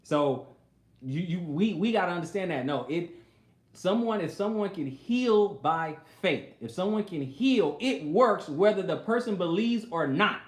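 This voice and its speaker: A man's voice: sits high, lively intonation, measured pace. A man preaching a sermon, reading scripture aloud and then retelling it in everyday speech, sometimes acting out the people in the story. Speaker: pastor. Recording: roomy echo.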